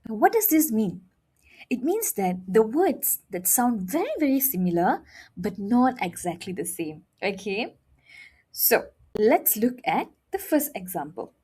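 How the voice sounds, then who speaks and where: Woman, language teacher, slow unhurried delivery, animated swooping pitch, exaggerated tone demonstrations. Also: breathy edge. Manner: expressive, exaggerated tones when modeling sounds; repeats "all right?" to check understanding. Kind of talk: online language lesson.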